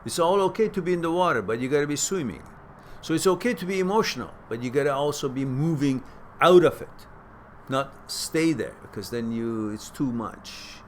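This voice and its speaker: A man hosting a question-and-answer stream, giving casual spoken advice that turns animated as he stresses points and repeats words. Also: fairly high pitch, normal speed, a little hiss or hum. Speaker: host answering viewer questions.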